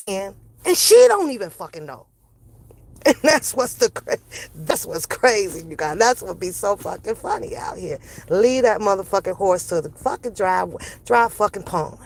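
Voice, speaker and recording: A woman streamer, ranting to her viewers in brash, mocking, profane commentary. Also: medium pitch. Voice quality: brash, sassy, swearing heavily. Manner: confrontational, mocking, laughs between jabs.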